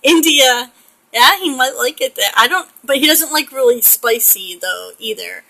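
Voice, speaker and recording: A woman's voice: high-pitched, expressive, moderate pace, vocal fry, pushed and bright, poor audio. A middle-aged woman from the United States chatting in a rambling way while she paints a pet portrait, often laughing. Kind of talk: casual chat while painting.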